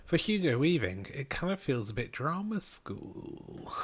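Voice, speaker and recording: A man's voice: a little high, sing-song, takes it slowly, breathy edge. A man co-hosting a film podcast, cheeky and opinionated, sometimes reading out the plot. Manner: cheeky and opinionated, reads plot summaries aloud. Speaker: podcast co-host. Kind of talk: casual film discussion.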